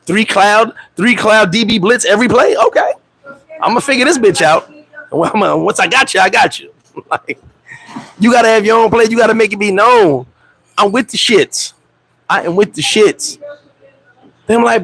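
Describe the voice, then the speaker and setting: A man hosting a casual livestream chat, animated and laughing, telling stories with profane street slang and acting out quotes in high voices. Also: normal speed, vocal fry, pauses often, slightly rough, rough recording. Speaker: host. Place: Dominican Republic.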